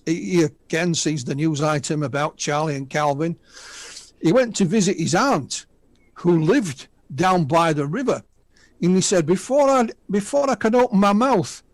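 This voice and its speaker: A man's voice: a little high, no room sound. A man in his sixties from the north of England, with a Northern English accent, chatting as a guest and retelling witness stories with asides. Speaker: guest UFO researcher. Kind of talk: casual radio interview storytelling.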